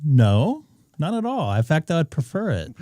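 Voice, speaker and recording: A man hosting a ham radio live stream, chatting casually and doing radio checks, with a somewhat nasal voice and an animated, mock-offended manner. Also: fairly high pitch, moderate pace, no echo.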